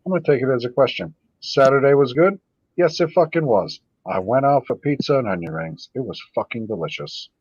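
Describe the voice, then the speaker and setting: A man's voice: medium pitch, expressive, fast talker, few pauses, a little mellow, breathy edge, no room sound, muffled recording. A man hosting a live stream, reading viewer comments aloud in a casual, sardonic, profane way.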